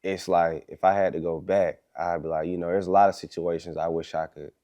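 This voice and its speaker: A podcast host with a very low voice and a mellow, dark tone. He talks bluntly in slang and keeps backing up his guest. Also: level tone, fairly quick. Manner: affirming, blunt, slang-heavy. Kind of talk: casual podcast chat.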